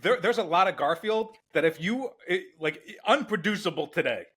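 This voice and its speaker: A man co-hosting a podcast, chatting casually and steering the conversation in a relaxed way. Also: high voice, moderate pace, breathy edge. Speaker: podcast co-host. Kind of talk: casual chat.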